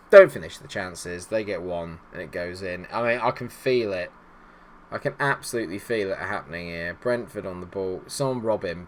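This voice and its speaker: Chatty man commentating a game. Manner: chatty and self-mocking, swinging between low mutters and loud exasperated outbursts. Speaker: gaming YouTuber. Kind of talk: casual gameplay commentary.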